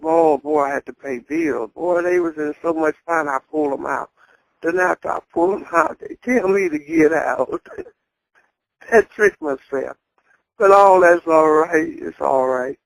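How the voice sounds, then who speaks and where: Older woman, plainspoken storyteller, gravelly voice, chuckles through it. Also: low voice, low-quality recording. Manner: blunt, candid, chuckling as she talks. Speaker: interviewee. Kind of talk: casual storytelling.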